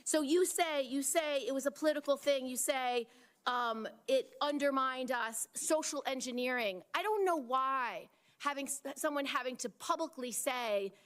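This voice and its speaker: A woman's voice: high voice, moderate pace, a bit bright. A woman senator questioning a nominee at a hearing, pointed and indignant, often restarting her sentences.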